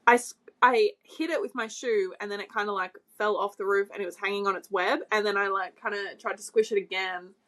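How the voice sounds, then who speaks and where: A woman's voice: mid-range voice, fairly even intonation, a little fast, hardly any pauses, a bit bright. A young Australian woman co-hosting a casual podcast, rambling through stories with lots of fillers. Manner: rambling storyteller, lots of likes and ums. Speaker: podcast co-host. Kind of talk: casual chat.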